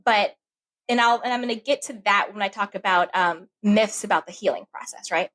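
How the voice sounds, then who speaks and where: A woman's voice: mid-range voice, brisk, poor audio. A woman guest on a podcast, talking casually and acting out the voices in her head as she tells a story. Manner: animated, acts out her own inner voice.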